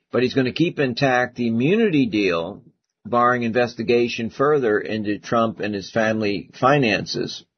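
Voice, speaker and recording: A male host delivering an opinionated political commentary monologue, talking in halting bursts with frequent restarts. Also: mid-range voice, highs cut off, a little hiss or hum.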